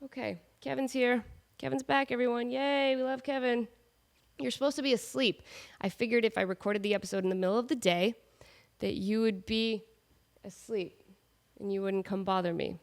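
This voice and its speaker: Stuck with a cold that makes her sound nasal, this podcast host in her thirties records a relaxed solo episode at home, her cat nearby. She's chatty and pokes fun at herself, wandering off on tangents, in a fairly high, creaky voice that stays steady at a moderate pace.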